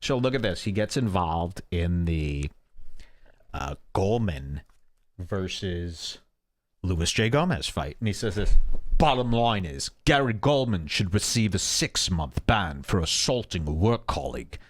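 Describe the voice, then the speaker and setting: A man's voice: deep voice, sing-song, measured pace. A man hosting a podcast, rambling through casual commentary with crude, sarcastic jokes. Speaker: show host.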